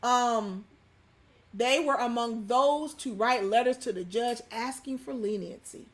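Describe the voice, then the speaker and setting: A woman's voice: a little high, a little slow. A young adult woman hosting a livestream, reading news quotes aloud in a chatty way with many ums and asides. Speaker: livestream host.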